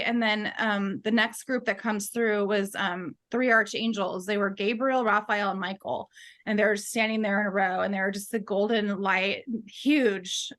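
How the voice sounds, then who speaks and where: A woman guest telling a personal story in an interview, halting, with fillers and soft laughs, close to tears. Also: medium pitch. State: tearful.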